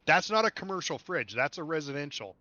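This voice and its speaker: Guy hosting a game stream, bright tense voice, dry dull lo-fi mic, chatty and laughy. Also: on the high side, sing-song, brisk, no echo. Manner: talkative, laughs often, explains at length. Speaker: livestream host. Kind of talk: casual gaming stream chat.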